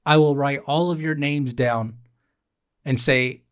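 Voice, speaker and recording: A young man hosts his own show in a rambling solo monologue, sardonic and exasperated by turns. He swears freely and hammers the same line twice for effect. His voice sits in an ordinary middle pitch. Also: fairly even intonation, takes it slowly, smooth. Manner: sardonic, exasperated rants with mock-pleading asides; profane, repeats lines for emphasis. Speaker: podcast host.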